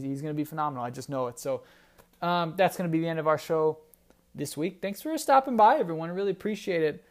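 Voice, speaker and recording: A man hosting a solo sports podcast, talking casually and rambling with restarts. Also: on the high side. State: briefly choked up. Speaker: podcast host.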